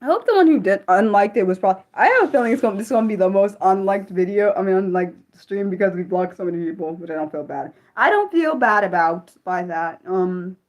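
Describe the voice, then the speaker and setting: A woman's voice: mid-range voice, animated, fast, hardly any pauses. A woman hosting an unscripted livestream, reading her chat aloud and venting with frequent swearing. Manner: reads and answers chat aloud. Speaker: livestream host.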